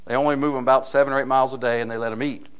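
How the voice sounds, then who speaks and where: A man's voice: medium pitch, fairly even intonation, racing, smooth. A man preaching a sermon in a folksy, storytelling way, asking the congregation frequent rhetorical questions.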